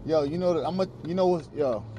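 A slangy, animated man reacts in disbelief during a group chat. His voice sits a little high. Faint car and street noise runs behind him. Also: quick pace, muffled recording. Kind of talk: casual chat.

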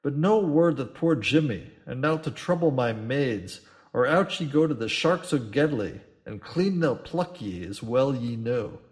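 A man voicing a firm, hushing innkeeper woman who speaks in old rural dialect. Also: mid-range voice, expressive, a little slow, close to an everyday voice.

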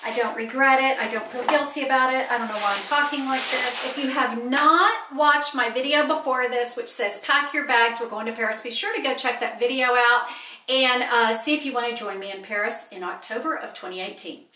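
Casual vlogger, woman, bright tone, bubbly and gushing; camera on a table, echoey room. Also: fairly high pitch, moderate pace, slight background noise. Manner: gushing, chatty, exclaims over cute things. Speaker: vlogger showing purchases. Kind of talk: casual haul chat to camera. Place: home office, indoors. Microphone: camera set on a small table.

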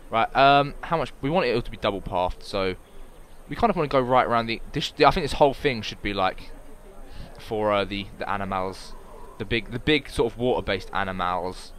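A man giving casual let's-play commentary, excitable and swearing often as he talks to himself while playing. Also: mid-range voice, a little hiss or hum. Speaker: gameplay commentator.

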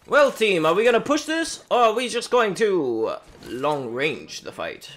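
Animated high-voiced man commenting gameplay. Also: measured pace. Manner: animated, taunts enemies, talks to himself. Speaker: gaming streamer.

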